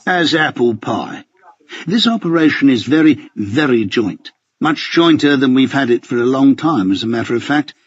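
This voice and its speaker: A man reads out a suave, ironic spy handler from an audiobook who stays dryly polite and mock-formal. His tone is a touch husky and airy. The recording is dry, with a muffled, lo-fi top end. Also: medium pitch, lively intonation, normal speed, dry recording. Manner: mock-formal and dryly polite, calls others sir and master. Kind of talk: audiobook character voice.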